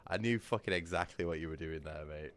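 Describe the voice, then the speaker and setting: With a very deep, slightly bright voice and a fairly quick delivery, a British man chats crudely while streaming a game from home. He rambles, restarts his sentences and often breaks into laughter.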